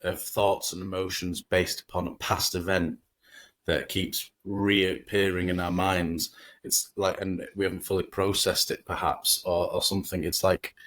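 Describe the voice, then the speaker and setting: A man's voice: deep voice, flat delivery, unhurried, fairly bright tone, no echo. A man, a podcast guest, talking casually and at length, swearing freely and acting out inner voices as he goes.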